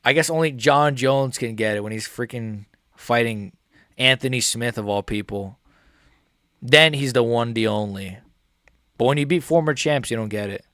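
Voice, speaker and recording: A man's voice: medium pitch, moderate pace, a bit bright, no room sound, studio quality. A young man streaming a live fight reaction, talking casually to his viewers in a muttered, profane running commentary. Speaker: MMA streamer.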